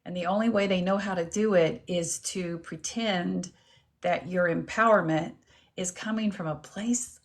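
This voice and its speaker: A woman's voice: on the low side, measured pace. A woman reverend hosting a casual live stream, greeting viewers by name and chatting while she eats lunch. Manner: talks while eating lunch. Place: at home with her dog.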